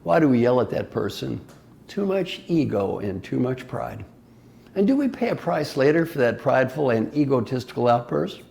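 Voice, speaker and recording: Older man, gravelly voice, medium pitch, motivational talk, rhetorical questions, emphatic. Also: very animated, normal speed, warm tone. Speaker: executive coach and speaker.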